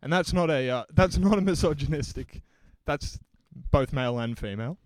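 Australian man ranting with animated pitch. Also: normal speed, no room sound. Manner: animated ranting, self-interrupting. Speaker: podcast co-host. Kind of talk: casual chat.

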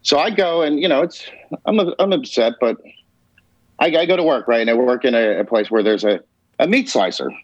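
On a podcast, a man tells a rambling, emphatic personal story in casual fashion, swearing freely. His medium-pitched voice is brisk with lively intonation, and the dull, lo-fi audio has no echo.

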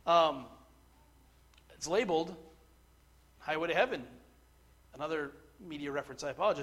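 A middle-aged male pastor with a notably high voice delivers a sermon. He speaks earnestly, often stumbling and restarting his phrases, then builds to forceful, emphatic points. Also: normal speed, long pauses.

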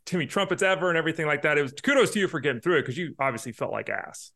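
A man's voice: a little high, rapid-fire, vocal fry, pushed and bright. A male sports broadcaster chatting as a podcast guest, friendly and talkative, with many "I mean" and "like" fillers. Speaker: fantasy sports radio and podcast host. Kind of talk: casual podcast chat.

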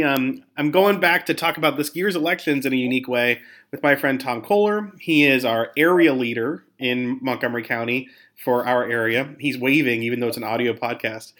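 A man's voice: a little high, fairly bright tone. A man hosting a podcast, chatting casually with fillers and a rambling manner. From Pennsylvania. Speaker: podcast host. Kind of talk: casual interview chat.

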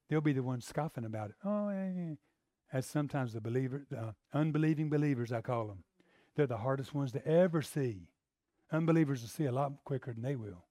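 A male preacher giving a sermon, retelling a story with animated energy that swings between quiet and loud. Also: fairly high pitch, no echo, clean studio sound.

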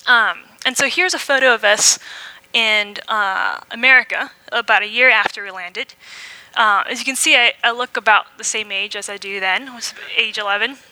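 A woman's voice: fairly high pitch, normal speed, sharp tone, no room sound, poor audio. A young adult woman from Malaysia, giving a candid, conversational sermon with frequent ums. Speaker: preacher. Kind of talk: personal sermon with slides.

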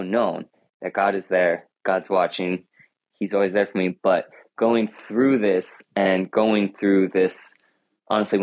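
A teenage boy, a high school runner appearing as a guest, answers interview questions thoughtfully and earnestly, often restarting his sentences. His voice is on the low side, with no echo, though the recording sounds muffled.

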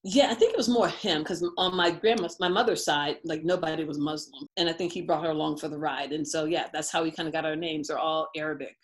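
A woman's voice: low-pitched, steady tone, quick pace, few pauses. A middle-aged woman from the United States, an interview guest telling a personal story, chatty and laughing often.

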